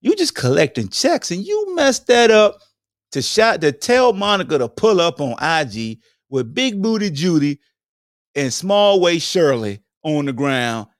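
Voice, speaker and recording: Animated, joking man riffing on camera. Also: unhurried, no echo, clean studio sound. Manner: animated, joking, slangy, swings between high exclamations and low mutters. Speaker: podcast host. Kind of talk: comedic commentary monologue. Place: home streaming setup.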